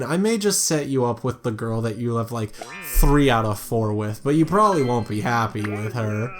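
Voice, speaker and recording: A man's voice: medium pitch, lively intonation, moderate pace, few pauses. A tired man giving casual, rambling gameplay commentary late at night, thinking aloud with jokey asides. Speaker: let's play host.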